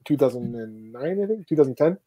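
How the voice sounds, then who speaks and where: A man hosting a casual podcast over a live video call, talking fast, cursing and laughing often. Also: medium pitch, animated, mellow, no room sound, soft background music. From Canada. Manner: fast, profane, laughs a lot. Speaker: podcast host.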